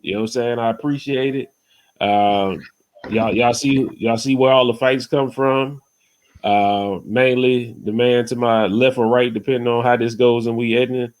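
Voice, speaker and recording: A man hosting a casual podcast over a video call, talking in a relaxed way and often saying "you know what I'm saying.". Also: medium pitch, moderate pace. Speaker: podcast host.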